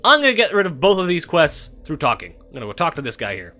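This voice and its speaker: A young man giving irreverent let's-play commentary, animated and swearing freely. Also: fairly high pitch, fast, faint music behind. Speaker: gameplay commentator.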